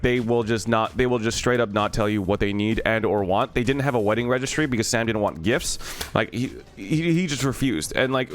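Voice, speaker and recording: A young man, a streamer, casually telling a story to his viewers, swearing freely and breaking into laughs and yelps. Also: medium pitch. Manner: animated, profane, laughs and yelps in excitement.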